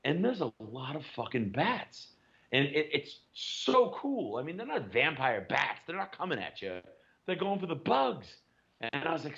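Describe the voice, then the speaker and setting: A man, co-hosting a casual podcast chat and telling rambling, animated stories with plenty of swearing. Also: on the high side, moderate pace, creaky, highs cut off. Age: 40s. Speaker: podcast co-host.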